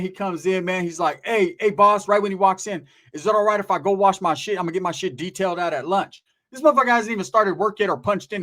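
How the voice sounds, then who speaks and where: A middle-aged man telling a crude, slangy story as a podcast host, acting out the other people's lines as he goes. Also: high-pitched. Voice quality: scraggly-bearded street talker, slangy. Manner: animated, profane, acts out voices in his stories. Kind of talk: profane storytelling commentary.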